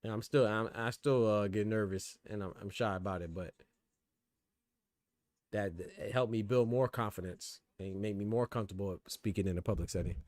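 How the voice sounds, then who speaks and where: A man's voice: lowish voice, moderate pace, no echo, clean studio sound. A man hosting a boxing livestream, chatting casually in slang, reading out and answering viewers by name. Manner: relaxed, slangy, reads chat aloud. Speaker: boxing commentary host.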